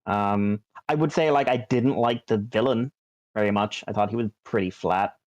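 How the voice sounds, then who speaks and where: This co-host speaks at normal speed in a lowish voice, meandering through casual chat with plenty of fillers like um and like, and frequent restarts. There is no room sound, and the audio is dry, dull and lo-fi.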